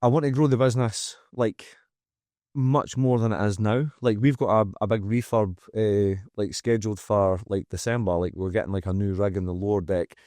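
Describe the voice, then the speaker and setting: Fairly low, steady and mellow, the voice of this Scottish gym owner moves at normal speed through a candid podcast conversation as a guest. He speaks frankly and emphatically, swearing freely and imitating what people say. It's captured in a dry, close-miked studio with no room sound.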